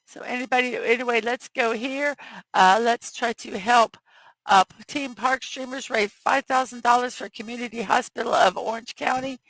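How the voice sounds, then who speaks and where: A woman hosting a morning livestream in casual chat, her voice scratchy and hoarse, reading viewer messages aloud through a headphone mic. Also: fairly high pitch, moderate pace, a bit bright, no echo. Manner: reads viewer chat aloud, chatty and apologetic. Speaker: morning show host.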